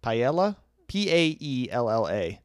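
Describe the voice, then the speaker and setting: A man's voice: mid-range voice, a little slow, no echo, clean studio sound. A man hosting a podcast, running a food quiz and teasing his co-hosts with lots of swearing. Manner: lively, teasing, swears a lot. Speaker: podcast host. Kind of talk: casual profane podcast banter.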